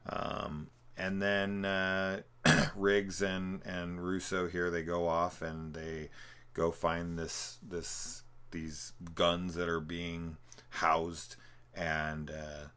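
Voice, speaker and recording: A man's voice: sits low, fairly bright tone. A young man giving a rambling, profane, casual review of a film, full of fillers. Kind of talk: casual movie review commentary.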